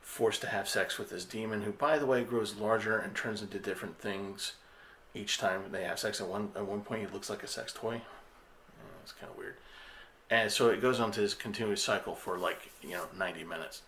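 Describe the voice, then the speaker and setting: A man's voice: fairly low pitch, fairly even intonation, normal speed, fairly bright tone, a little hiss or hum. A man casually retelling a film's plot on a podcast, loose and rambling with fillers and restarts. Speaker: podcast host reviewing an anime film. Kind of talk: casual spoken review.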